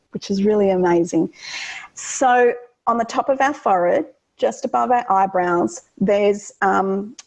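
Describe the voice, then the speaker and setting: A woman guest in an interview, explaining calming techniques for children in an earnest, teacherly way, often pausing with ums and restarting her sentences. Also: medium pitch, rough recording. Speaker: guest educator on children's wellbeing.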